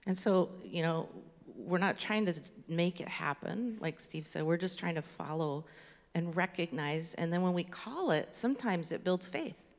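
A woman in ministry, telling stories in a chatty, animated way during a casual teaching conversation. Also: lowish voice, normal speed, in a large hall. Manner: chatty, animated storytelling with laughs. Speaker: ministry leader.

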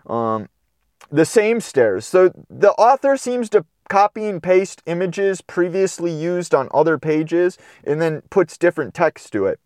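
A man reads a children's storybook aloud in a fairly high voice, stopping often for playful, chatty asides. His delivery is animated, and the recording is close and dry. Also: unhurried, dry recording. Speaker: storybook reader. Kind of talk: casual read-aloud with commentary.

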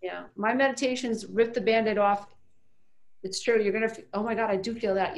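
A woman's voice: mid-range voice, fairly even intonation, a little fast. A middle-aged woman speaking as an interview guest, earnest and emphatic, often repeating phrases as she explains. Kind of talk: casual interview talk.

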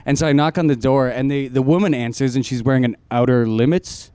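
A man's voice: medium pitch, fairly even intonation, fast, heavy background noise. A young man, a comedian, telling a rambling story in casual group chat, laughing often and acting out quotes.

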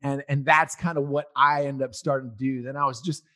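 Reliving a personal story, a man in his forties rambles casually and grows loud and animated. He speaks fairly quickly in a mid-range voice.

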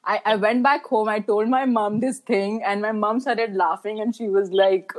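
A woman's voice: medium pitch, fairly even intonation, moderate pace. A young woman, a brand manager chatting as a guest on a podcast, laughing often and saying "you know" a lot. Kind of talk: casual podcast interview.

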